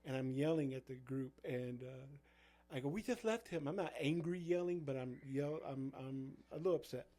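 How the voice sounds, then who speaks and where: A man chats casually as a youth pastor, telling van stories from ministry trips. His delivery rambles, packed with fillers and false starts, in a mid-pitched everyday voice. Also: moderate pace, hardly any pauses, dark tone. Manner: rambling, full of fillers and restarts. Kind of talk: casual storytelling chat.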